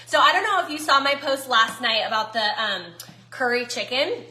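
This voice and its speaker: A woman's voice: high voice, moderate pace, sharp tone, roomy sound, faint music behind. A woman chatting casually to viewers while cooking in her home kitchen. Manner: chatty, folksy, talks to viewers as y'all. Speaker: cooking vlogger.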